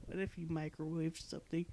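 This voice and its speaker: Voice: medium pitch, vocal fry, a little mellow. A young adult blogger casually reading blog posts aloud late at night, giddy and breaking into fits of laughter.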